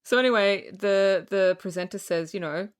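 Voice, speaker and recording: A woman's voice: medium pitch, smooth. Woman retelling movie scenes casually. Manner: retells scenes, acting out lines in quick put-on voices. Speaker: podcast co-host. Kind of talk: casual movie review chat.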